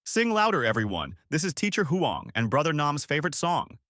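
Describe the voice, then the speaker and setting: A man voicing a grieving young woman teacher who shouts and pleads through tears. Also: mid-range voice, very animated, moderate pace, no echo, studio quality. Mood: anguished shouting.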